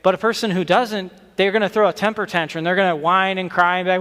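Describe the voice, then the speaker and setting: A man giving a children's sermon, friendly and full of questions for the kids, often restarting his sentences. His voice sits a little high, and the church's long reverb rings around him. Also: flat delivery, fast talker, hardly any pauses, fairly bright tone, clear, resonant tone. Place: church sanctuary.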